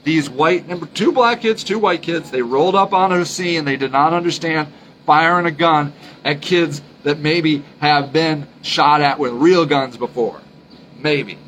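A man's voice: on the high side, fairly bright tone, slight background noise, low-quality recording. A man hosting a solo podcast, talking earnestly and emphatically, often repeating his points and restarting sentences. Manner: halting, frequent restarts. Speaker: podcast host.

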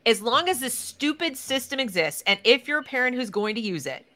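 A woman hosting a casual interview, talking in an emphatic, sarcastic and animated way. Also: fairly high pitch, fairly quick. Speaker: podcast host.

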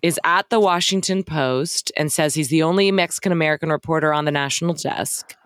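A woman co-hosting a casual podcast, recounting events in a measured way from her notes. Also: low-pitched, no echo, studio quality. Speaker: podcast co-host.

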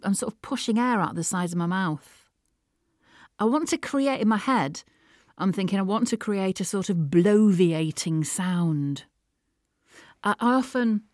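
Animated, self-amused woman voice actor. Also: medium pitch, no room sound, clean studio sound. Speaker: voice actor and podcast host. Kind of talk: reflective podcast monologue.

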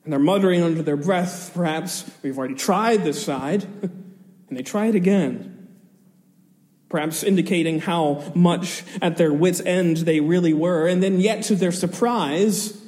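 A man's voice: sits high, unhurried, a little mellow, big-room sound. A man preaching an expository sermon, retelling a scripture story vividly with chuckling asides.

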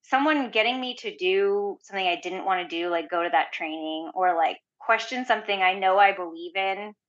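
Woman guest rambling chattily, says like a lot, bright voice, kinda dull lo-fi audio. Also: medium pitch, moderate pace. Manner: chatty, heavy use of "like", animated retelling. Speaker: podcast guest. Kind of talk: casual conversational storytelling.

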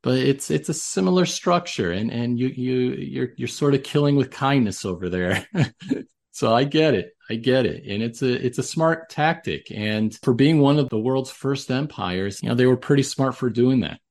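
A man's voice: medium pitch, moderate pace, vocal fry, a little mellow. A man hosting an interview, talking casually and rambling with frequent restarts. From raised in a Greek household. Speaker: podcast host.

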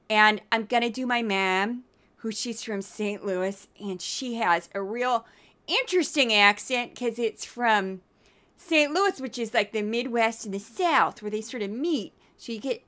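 Bright, sarcastic woman podcast host. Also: a little high. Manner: sarcastic, animated and opinionated. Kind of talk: political commentary podcast.

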